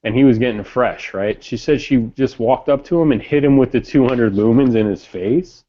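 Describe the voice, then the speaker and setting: A man chatting casually, rambling through stories in a laid-back, slangy way. His voice sits at a middle pitch. The audio is dull and lo-fi. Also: normal speed. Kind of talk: casual chat.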